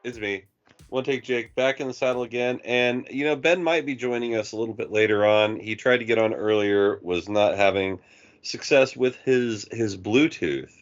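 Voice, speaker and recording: A man's voice: medium pitch, moderate pace, muffled recording, soft background music. A man hosting his own podcast in casual chat, playful and joking. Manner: playful, breaks into silly voices. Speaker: podcast host.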